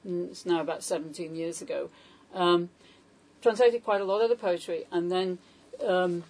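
A woman's voice: on the low side, steady tone, moderate pace, darkish tone, low-quality recording. A woman translator giving an informal talk on poetry to a small audience, hesitant and full of questions to the room. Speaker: poetry translator leading a salon.

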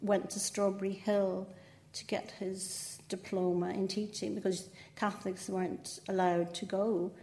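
An older Northern Irish woman with a mellow, warm voice. She speaks as a poet guest in a relaxed interview. She chats freely, laughs often and pokes fun at herself. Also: medium pitch, unhurried, hardly any pauses. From Northern Ireland. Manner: chatty, laughing often, with self-mocking asides. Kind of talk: conversational interview.

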